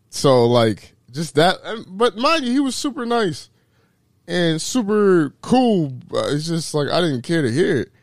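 A young man tells a story on a podcast with a lively, swooping voice and an animated delivery. He jumps into high voices for the people he quotes and laughs mid-sentence. The sound is dry and close to the mic. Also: a little slow, no room sound. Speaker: podcast co-host. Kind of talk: casual storytelling chat.

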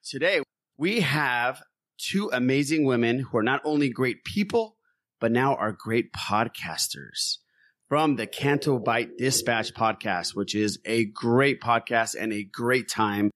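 A man's voice: mid-range voice, measured pace, a bit bright, no echo. Upbeat man hosting a podcast, dry sound. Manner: upbeat, jokey, laughs often. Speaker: podcast host. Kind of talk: casual podcast chat.

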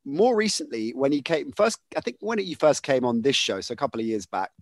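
A man's voice: mid-range voice, very animated, a little fast, no room sound. A man hosting a casual podcast, chatty and often laughing. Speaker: podcast host.

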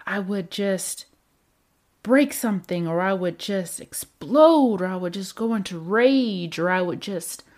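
A woman's voice: medium pitch, expressive, measured pace, darkish tone. A woman giving a reflective self-help talk about anger, with repeated emphatic phrases and rhetorical questions. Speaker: speaker on anger and emotions.

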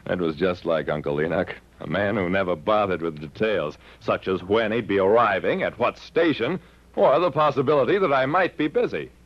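In 1940s radio style, an actor plays a wry private detective narrating his own case, his lowish, everyday-sounding voice moving at normal speed. The narration is dry and wry yet lively. The dry recording has a dull vintage-radio quality with faint hiss.

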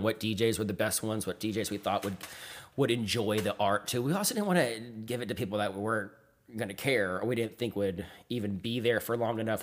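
A Texan man, a guest artist, tells stories casually, rambling along with plenty of fillers and perking up whenever he quotes someone else. His voice runs on the low side, with slight background noise in the recording.

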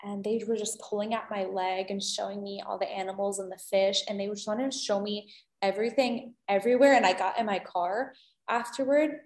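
A woman who is a holistic healing guest, chatting gently and effusively in a casual interview. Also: medium pitch, fairly even intonation, fairly quick, reverberant. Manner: gentle, effusive, many "beautiful"s and "um"s.

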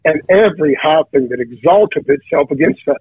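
A man's voice: on the high side, expressive, brisk, breathy edge, no echo. Preacher telling his story over a tinny phone line. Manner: storytelling, many restarts and stammered repeats. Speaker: preacher guest. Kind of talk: casual testimony on a talk show.

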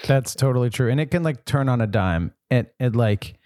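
A man co-hosting a podcast in casual chat, eager and quick to agree. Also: mid-range voice, animated, a little mellow, no echo, clean studio sound. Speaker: podcast co-host.

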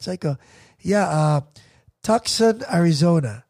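A man's voice: a little high, animated, normal speed, a little mellow, husky, no room sound, studio quality. A middle-aged man with a Filipino accent, hosting a casual podcast chat, switching between Tagalog and English and laughing at himself. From Philippines. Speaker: podcast host.

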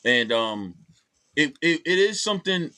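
A man's voice: fairly high pitch, unhurried. A man who works as a stand-up comedian, talking bluntly and with plenty of swearing in a casual chat. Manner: blunt, profane, animated storyteller.

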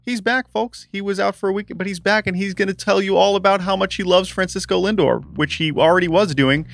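A man co-hosting a relaxed sports podcast, talking with animated energy and slipping into quick mock voices. His tone is bright and forceful. The sound is dry and close. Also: high voice, creaky, no echo. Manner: animated, quick to mock-quote people in a put-on voice. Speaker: podcast co-host. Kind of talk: casual sports chat.

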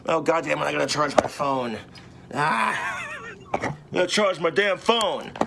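A man's voice: on the high side, lively intonation, measured pace, creaky, heavy background noise. A man delivering amateur stand-up jokes in a brash, punchline-driven way. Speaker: comedian in played clips. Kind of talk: amateur stand-up comedy clip. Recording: played clip.

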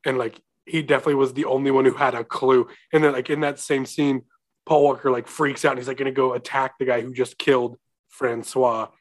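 Casual co-host, young adult man, lively and laughing, acts out lines mid-story. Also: medium pitch, brisk. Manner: animated, laughing, quoting characters. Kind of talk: casual movie chat.

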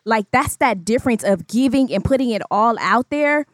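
A woman hosting a casual podcast, asking probing questions in a measured way. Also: on the high side, expressive, dry recording.

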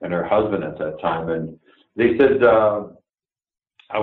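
His voice sits lowish and his speed is normal, captured with roomy, phone-quality audio. He's an older Canadian guest actor with a Canadian accent, acting out dialogue as he shares candid, profane stories in a casual interview.

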